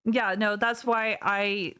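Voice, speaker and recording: A woman's voice: medium pitch, steady tone, slow, pushed and bright, smooth, no room sound. Woman, podcast co-host, chatty, easygoing, dry sound. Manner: chatty, laughs often, easygoing. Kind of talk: casual chat.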